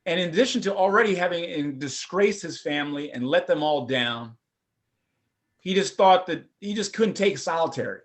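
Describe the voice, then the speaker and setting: A middle-aged man, a former prosecutor, telling his personal story at a forum in a lively, conversational way. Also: a little high, moderate pace. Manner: animated, conversational, acts out voices.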